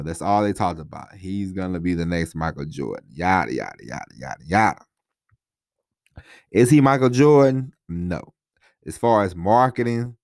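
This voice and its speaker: A man's voice: fairly low pitch, dry recording, studio quality. A man hosting a podcast, talking casually and at length, repeating himself and often asking "you know what I mean?". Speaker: podcast host. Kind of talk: casual solo podcast talk.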